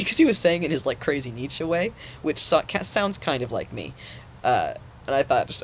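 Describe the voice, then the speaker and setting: A man vlogging in a rambling, halting monologue, full of restarts, with frequent laughter. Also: medium pitch, sing-song, a bit bright. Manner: halting, many fillers and restarts, laughs often. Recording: slightly dull home recording with faint hiss.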